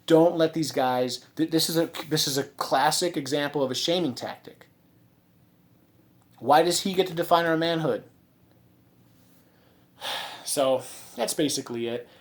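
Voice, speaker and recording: A man's voice: a little high, unhurried, pauses often. Rambling, indignant man ranting. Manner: rambling, with many fillers and restarts. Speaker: vlogger. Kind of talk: casual commentary monologue.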